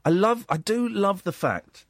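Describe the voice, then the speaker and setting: A man hosting a late-night radio phone-in, talking in a rambling, halting way full of fillers. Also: high-pitched, very animated, no room sound. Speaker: radio host. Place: radio studio.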